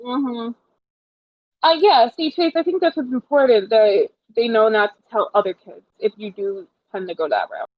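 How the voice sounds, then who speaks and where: A young woman with a fairly high voice chats casually as a podcast co-host, full of fillers and lively retellings. The recording is dry and a little dull, like lo-fi podcast audio. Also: moderate pace, no echo. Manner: chatty, animated retellings with many fillers. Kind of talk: casual chat.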